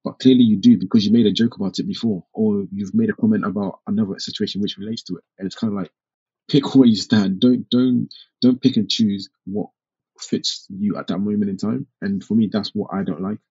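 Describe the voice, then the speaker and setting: A man's voice: lowish voice, fairly even intonation, brisk, warm tone, slightly rough. A man co-hosting a podcast, talking earnestly in casual discussion and thinking aloud as he goes. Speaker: podcast co-host. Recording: slightly dull lo-fi recording.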